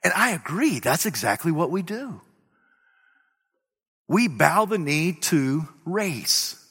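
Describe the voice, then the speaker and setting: A man preaching a sermon to a crowd, emphatic, swinging between loud declarations and quiet remarks. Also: a little high, big pitch swings, slow pace, breathy edge. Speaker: pastor. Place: church sanctuary before a crowd. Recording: live hall with long reverb.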